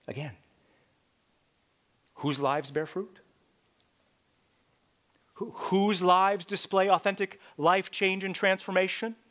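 A man preaching a sermon, swinging from loud, emphatic lines to hushed whispers and repeating key points. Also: sits high, fairly even intonation, slow, pauses often.

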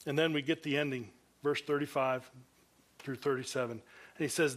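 A man with a high voice preaching a conversational sermon. He is earnest and slips into quoted voices to act out the passage. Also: steady tone, moderate pace. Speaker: pastor.

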